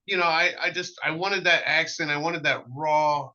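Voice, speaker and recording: Bright-voiced man telling animated stories. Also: fairly high pitch, normal speed, dull audio. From American Midwest. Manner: animated anecdotes with many fillers and restarts. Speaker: cigar maker, guest. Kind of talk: casual storytelling interview.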